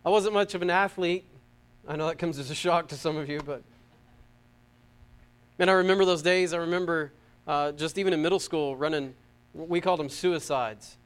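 A man from the United States preaching a sermon, fervent and emphatic, swinging between loud peaks and quiet asides and repeating his phrases. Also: on the high side, normal speed, pauses often. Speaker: pastor.

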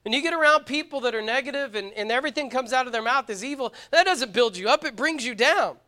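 A man's voice: extremely high pitch, fast, few pauses, sharp tone. A man preaching a sermon to a congregation, earnest and emphatic, often repeating words for stress. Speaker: pastor.

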